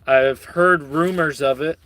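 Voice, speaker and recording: A man's voice: on the high side, slow, fairly bright tone, slight background noise. A man hosting his own channel, reading news stories with rambling, sardonic and profane commentary. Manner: rambling, sardonic, swears a lot. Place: lives in Michigan.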